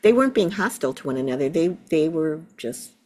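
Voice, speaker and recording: A middle-aged woman, a Buddhist teacher, gently telling a personal story in an interview. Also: sits low, expressive. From United States. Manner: slow, gentle, reflective storytelling.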